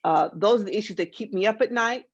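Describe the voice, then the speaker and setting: A woman's voice: medium pitch, fast talker, slightly rough, dry recording. A woman panelist speaking emphatically and plainly, with a wry edge, over a video call. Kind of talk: conversational panel discussion. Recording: dull lo-fi video call audio.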